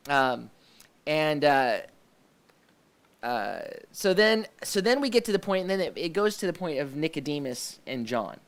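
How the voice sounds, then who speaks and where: A man's voice: on the high side, sing-song, a little slow. Man hosting a rambling church chat. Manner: rambling, with many restarts and fillers. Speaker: host of a church discussion show. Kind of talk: casual discussion.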